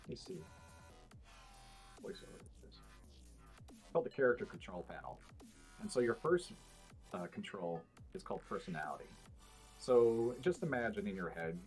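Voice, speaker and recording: A man's voice: fairly low pitch, sing-song, brisk, long pauses, darkish tone, faint music behind. A man in casual podcast chat, explaining things at length with many fillers and restarts. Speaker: podcast guest.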